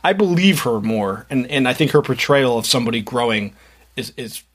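A man's voice: medium pitch, animated, brisk, a bit bright, breathy edge. A man co-hosting a horror podcast in casual chat, opinionated, explaining movie trivia and lore and swearing for emphasis. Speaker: podcast co-host.

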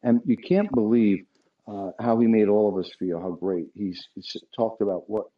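A man's voice: on the low side, normal speed, dull audio. A middle-aged man, a dealership owner, telling an anecdote to his staff with many restarts and fillers.

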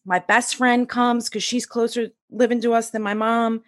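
A woman in her forties, a podcast guest, telling a personal story in a lively, animated way and acting out the voices of the people in it. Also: a little high, moderate pace, no echo, studio quality. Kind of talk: storytelling in an interview.

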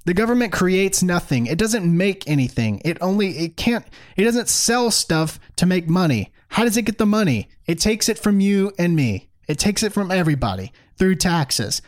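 A man's voice: sits high, normal speed, hardly any pauses. A man hosting opinionated political commentary in a sarcastic, emphatic way. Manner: sarcastic, mocking; animated, emphatic.

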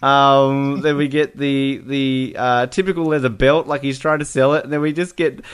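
A man co-hosting a podcast, talking about a film in a loose, casual way. He gets animated as he retells scenes and laughs often along the way. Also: mid-range voice, moderate pace, clear, resonant tone. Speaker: podcast co-host. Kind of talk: casual movie review chat.

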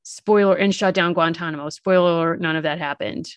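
A woman co-hosting a casual book-discussion podcast, animated and acting out characters' lines. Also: fairly low pitch, brisk, clear, resonant tone, no room sound. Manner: animated, acts out characters' lines with rising excitement. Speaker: podcast co-host.

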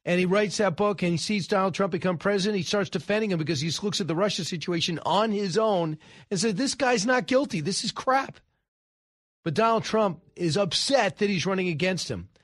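A man hosting political talk radio, giving brisk, opinionated commentary with sarcastic asides. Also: high voice, dry recording, studio quality.

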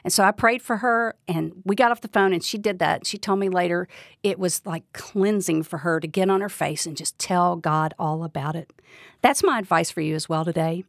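A woman's voice: fairly low pitch, moderate pace, gravelly, no room sound, studio quality. A woman giving a devotional Bible teaching, speaking earnestly and asking the listener direct questions.

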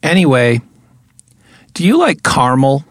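A man talks in loose, joking podcast banter, with a gravelly, fry-edged voice of middle pitch. He rambles and restarts his sentences often. The sound is dry and close. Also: normal speed, no room sound. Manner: rambling, jokey, restarts a lot. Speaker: podcast co-host. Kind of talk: casual comedic chat.

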